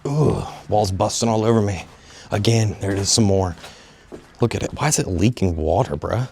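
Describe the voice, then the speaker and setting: A young man filming a casual walking travel vlog, talking straight to viewers in a joking, excitable way with plenty of swearing, out of breath as he goes. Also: on the low side, normal speed, vocal fry, slight background noise. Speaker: travel vlogger. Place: outdoors and in stone tunnels of a sea fortress. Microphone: phone on a selfie stick.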